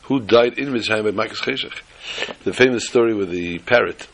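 Husky guy teaching a torah class, tells jokes, voice jumps up high when he makes a point. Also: a little fast. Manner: animated storyteller who jumps to high pitch for emphasis.

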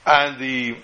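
A man telling a story aloud, acting out the characters' lines with a raised, excited voice. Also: medium pitch, clean tone, poor audio. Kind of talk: animated oral storytelling.

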